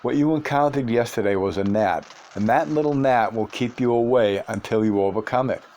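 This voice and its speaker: A man voicing an old Mexican sorcerer who speaks steadily and matter-of-factly, calm and teasing. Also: mid-range voice, fairly quick, a little hiss or hum, natural voice. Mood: serious.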